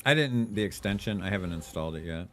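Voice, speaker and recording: Low-voiced man streaming a game. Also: fast, slight background noise. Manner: relaxed, thinking aloud, swears. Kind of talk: casual live-stream chat.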